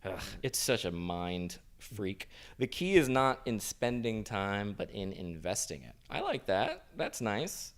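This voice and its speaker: A young man with a very low voice co-hosts a podcast. He talks in a loose, rambling, easygoing way and stops now and then to read quotes aloud. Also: huge pitch swings, measured pace. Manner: laid-back, rambling, reads quotes aloud. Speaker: podcast co-host. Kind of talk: casual podcast chat.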